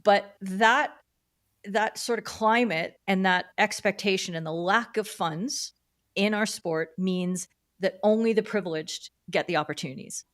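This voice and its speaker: A middle-aged woman from Canada, a guest on a podcast, telling stories about her career in a lively, casual way and acting out the voices of the people in them. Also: medium pitch, unhurried. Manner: animated storyteller who acts out quoted dialogue. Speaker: podcast guest, field hockey umpire. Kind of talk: casual interview storytelling.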